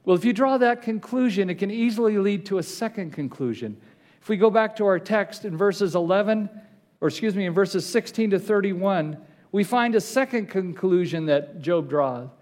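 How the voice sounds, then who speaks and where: High-voiced male pastor preaching. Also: animated, a little mellow. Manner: reads scripture aloud with rising intensity, slows for emphasis. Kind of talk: sermon.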